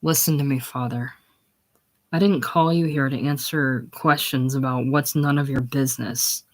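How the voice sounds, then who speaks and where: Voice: medium pitch, steady tone, moderate pace, natural voice. A reader voicing a proud, bitter young farm woman in a casual play reading, speaking hard and grim. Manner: hard and grim, with soft crooning moments.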